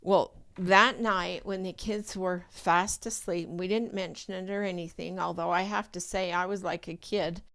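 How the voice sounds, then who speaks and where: An older woman telling a personal story in a lively way, acting out her own past thoughts with sudden high rises in pitch. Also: moderate pace, hardly any pauses, no room sound. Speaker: guest telling a true story.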